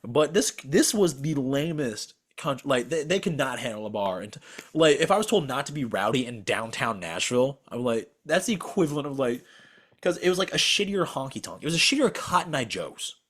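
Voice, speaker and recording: A man's voice: mid-range voice, animated, brisk, fairly bright tone, slightly rough. A young man co-hosting a podcast over a video call, telling a story as a profane, exasperated rant. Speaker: podcast co-host.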